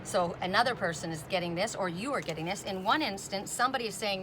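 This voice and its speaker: A woman's voice: mid-range voice, fast, noisy background. A woman giving a casual spoken oracle card reading. She chats, often tags on "right?", and breaks off with sudden emphatic "Stop.".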